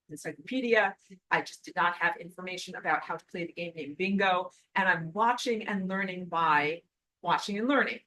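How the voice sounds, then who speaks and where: Young female host, bright tone, eager and animated, chatty story-sharing. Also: on the low side, rough recording. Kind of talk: casual storytelling livestream.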